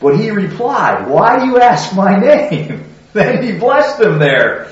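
Questioning preacher in an echoey hall. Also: male voice, high voice, sing-song, slow pace. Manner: conversational teaching, asks the listeners questions. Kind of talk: sermon. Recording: very echoey hall, distant mic, dull sound.

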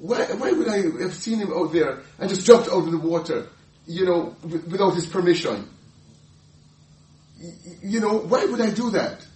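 A man teaching the Bible, animated and laughing often, restarting his sentences. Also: high-pitched, moderate pace, roomy sound, recorded from a distance.

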